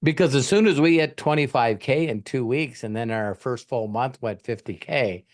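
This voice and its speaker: A man of middle pitch tells a motivational story as the host, answering a question. He talks in an animated way and acts out the lines of bystanders in quick voices.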